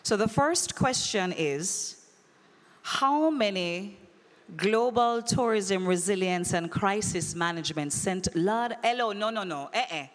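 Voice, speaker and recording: A woman emceeing a conference, running a brisk, playful audience quiz and teasing the crowd over a handheld microphone. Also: mid-range voice, lively intonation. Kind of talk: lively audience quiz hosting. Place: large conference hall. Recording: long hall reverb.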